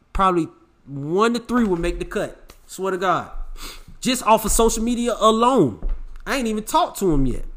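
A young man delivers a self-help podcast monologue. His voice sits somewhat high for a man. He talks with brash, preachy swagger and heavy slang. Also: fairly bright tone. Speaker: podcast host.

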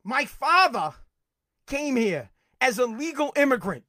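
A middle-aged man hosting a podcast, delivering a heated, profane political rant that sometimes rises to shouting. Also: very high voice, big pitch swings, measured pace, no echo, clean studio sound. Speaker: podcast host.

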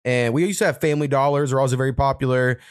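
Young man, podcast host, casual chat, fast pace, swearing storyteller, dry close sound. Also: medium pitch, steady tone, clean tone, no echo. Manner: rambling storytelling, heavy swearing.

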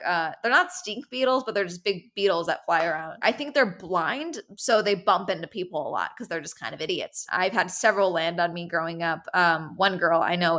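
A woman's voice: on the low side, sharp tone. A young woman from Southern California hosting a podcast, telling stories in a casual, rambling way and swearing freely. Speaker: podcast host. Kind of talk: casual storytelling chat.

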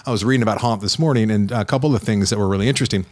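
Casting: lower-pitched middle-aged man, casual podcast co-host, meandering and self-deprecating. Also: very fast, darkish tone. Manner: rambling, self-deprecating, chatty. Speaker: podcast co-host, film reviewer. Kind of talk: casual chat.

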